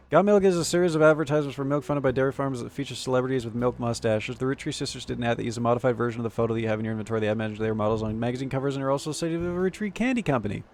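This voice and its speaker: A man streaming a game, reading its text aloud quickly and joking, swearing and laughing along. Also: medium pitch, slight background noise. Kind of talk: casual gameplay commentary.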